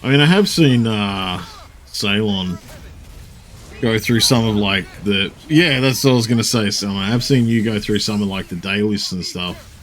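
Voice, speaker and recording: A man's voice: lowish voice, moderate pace. A man streaming a game, chatting casually in a rambling, swear-laden way with frequent fillers. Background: faint game music.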